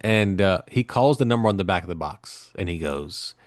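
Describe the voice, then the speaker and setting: A man co-hosting a casual podcast chat, his voice sitting a little low. He tells a story in a loose, rambling way and swears freely. The sound is dry and close, with no room echo. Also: animated, moderate pace. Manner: rambling, profane storytelling with acted-out quotes. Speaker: podcast co-host.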